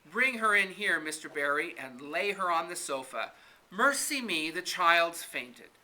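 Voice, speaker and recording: A man voicing a brisk, stern but caring older woman in a storybook reading. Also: a little high, big pitch swings, sharp tone, full character voice, rough recording. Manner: brisk, no-nonsense.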